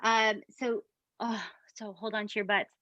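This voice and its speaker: A woman's voice: mid-range voice, unhurried, dry recording. A woman hosting a podcast, telling a true-crime story in casual, emphatic chat with co-hosts. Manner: animated, profane, emphatic asides to co-hosts. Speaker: podcast host. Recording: dull dry podcast mic.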